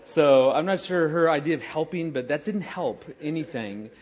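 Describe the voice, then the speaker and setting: A middle-aged man tells a funny story to an audience, poking fun at himself. He acts out each line of dialogue with lively energy. His voice sits a little high for a man. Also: moderate pace. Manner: animated, self-mocking, acts out quoted dialogue. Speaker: speaker telling a story with his wife.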